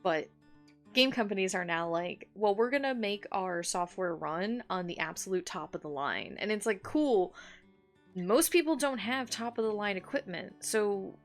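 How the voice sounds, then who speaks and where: A woman's voice: medium pitch, animated, moderate pace. A woman chatting casually while streaming her drawing at home, rambling with lots of "like"s and frequent laughs. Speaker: art streamer. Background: soft guitar music.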